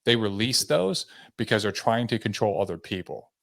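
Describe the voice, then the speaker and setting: A man's voice: fairly low pitch, animated, normal speed, vocal fry, fairly bright tone. A man hosting a podcast interview, talking earnestly and repeating words as he works through his thoughts.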